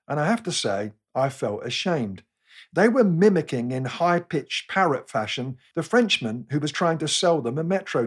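An English man preaching with dry, self-mocking humour, his husky voice sitting a little high. He moves through his stories at a measured, wry pace. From England. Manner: wry, self-deprecating storytelling. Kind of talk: scripted sermon talk with humorous anecdotes.

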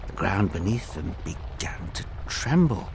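Slow, gravelly male storyteller. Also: low-pitched, a little hiss or hum. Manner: expressive, addresses the listener directly. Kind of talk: scripted narration of a children's Bible story. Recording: dry close mic with faint music.

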